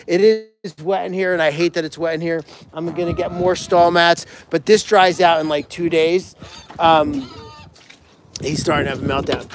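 A man with a notably high voice chats casually on a live stream from inside a barn, gushing about the animals. He drifts into soft, cooing baby talk when he speaks to them, with a faint hiss in the background. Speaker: animal sanctuary livestream host.

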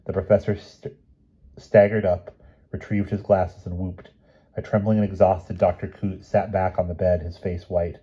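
Guy reading a book aloud, deep voice, bit raspy, muffled lo-fi audio. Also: moderate pace. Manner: steady storytelling with occasional slips and restarts. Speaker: audiobook reader. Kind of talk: audiobook narration.

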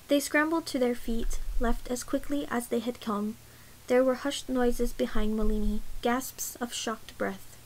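A woman reads a novel aloud in a measured, quiet way. Her voice sits a little high and even, unhurried from line to line. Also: a little hiss or hum, low-quality recording. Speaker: audiobook reader.

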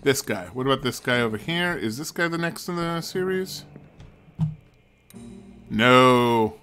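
Guy streaming a puzzle game, muttering his guesses out loud, music playing loud behind him. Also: mid-range voice, animated, measured pace. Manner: thinking aloud, muttering to himself. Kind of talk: let's play commentary.

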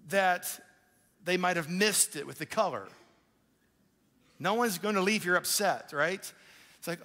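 A male pastor preaching a sermon in a conversational, animated way, with quick asides to the congregation. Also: high voice. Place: church auditorium. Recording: live church hall with long reverb.

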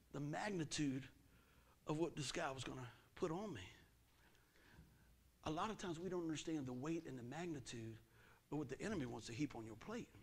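Middle-aged pastor, high and gravelly, animated storytelling sermon, does the sound effects himself. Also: male voice. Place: church sanctuary.

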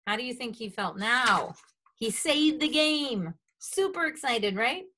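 A woman reading a picture book aloud to children, animated, asking them questions as she goes. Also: on the high side, measured pace, a little hiss or hum. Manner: animated, asks the listeners questions. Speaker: storybook reader.

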